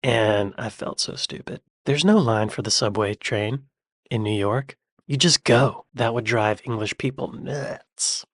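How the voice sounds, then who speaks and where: American guy hosting reaction videos, jokey and chatty, average pitch, dry close sound. laughs a lot. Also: fairly bright tone, no echo. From United States. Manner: chatty and joking, with quick laughs. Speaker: reaction channel host. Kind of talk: casual reaction commentary.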